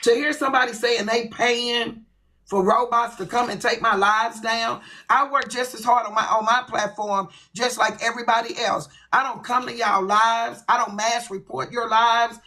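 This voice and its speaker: A woman's voice: a little high, steady tone, moderate pace, sharp tone, low-quality recording. A woman hosting her own livestream, ranting bluntly and with lots of profanity. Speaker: livestream host. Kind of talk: ranting live stream.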